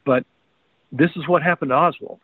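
Male guest, slightly high, emphatic, stumbling restarts, tinny dry phone audio. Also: breathy edge, no room sound. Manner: emphatic, repeats words in quick restarts. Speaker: guest researcher. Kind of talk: interview storytelling.

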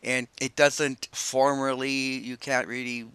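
Bright-voiced male podcast host. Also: medium pitch, flat delivery, clean tone, dry recording. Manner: measured, reflective, with many fillers. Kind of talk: casual interview talk.

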